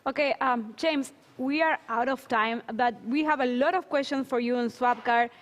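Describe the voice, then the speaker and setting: A woman's voice: high voice, moderate pace, big-room sound. A woman moderating a conference Q&A, reading out audience questions politely with some hesitation.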